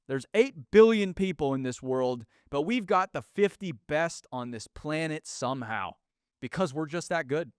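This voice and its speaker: A man's voice: on the high side, expressive, a little slow, smooth, dry recording, clean studio sound. A man, hosting a solo podcast in a blunt, sarcastic way that mocks corporate speak. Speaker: podcast host.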